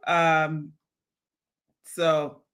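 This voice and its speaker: A woman's voice: low-pitched, little pitch movement, drawn-out words, fairly bright tone. A woman co-host in a casual panel chat who hesitates often with ums and uhs.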